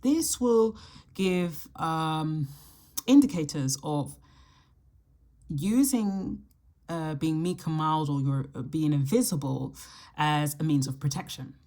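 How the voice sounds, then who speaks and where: A woman hosting her astrology channel, talking casually to camera and thinking aloud in a reflective way, with the odd soft laugh. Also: low-pitched, slow pace. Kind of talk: casual solo talk to camera.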